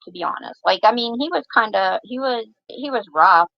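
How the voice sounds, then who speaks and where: A woman's voice: on the high side, expressive, moderate pace, gravelly, no room sound, dull audio. A woman hosting a livestream, chatting casually and teasing her viewers. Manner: chatty and teasing, talks to chat. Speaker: livestream host.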